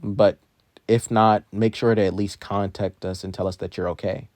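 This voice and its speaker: Man doing a paramedic, patient, firm, lowish voice, dry. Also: flat delivery, moderate pace, a little mellow, dry recording, lightly acted. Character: calm, matter-of-fact adult paramedic.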